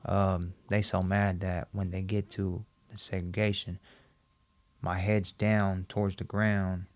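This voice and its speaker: Guy on a podcast w a lowish voice, telling his story all animated, doing the voices of people he's quoting. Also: measured pace. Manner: animated, acts out quoted dialogue, repeats himself. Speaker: podcast guest. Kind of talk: personal storytelling in a podcast interview.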